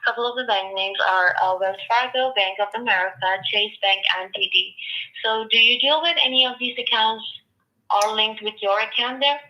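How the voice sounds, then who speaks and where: A woman's voice: a little high, normal speed, bright, forceful tone. A woman on a phone call posing as an agent, speaking in formal, repetitive phrasing that is slightly broken. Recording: muffled phone line.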